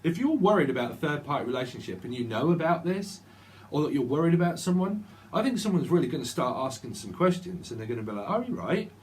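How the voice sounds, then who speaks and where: A man's voice: a little high, sing-song, fast talker, hardly any pauses. A man giving a casual tarot reading, rambling and repeating words and names as he goes. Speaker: tarot reader.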